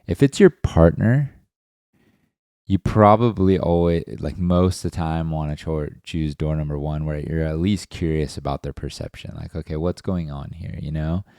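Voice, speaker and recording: A man's voice: a bass voice, moderate pace, darkish tone, clean tone, no room sound, clean studio sound. A man co-hosting a podcast, talking through relationship examples in a casual, reflective way and acting out little dialogues. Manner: reflective, talks through examples with acted-out quotes. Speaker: podcast co-host. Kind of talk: casual chat.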